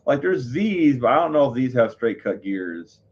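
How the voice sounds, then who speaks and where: A man's voice: medium pitch, big pitch swings, moderate pace, darkish tone, highs cut off. A man chatting casually on a live stream, rambling, full of fillers and self-corrections. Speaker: livestreamer.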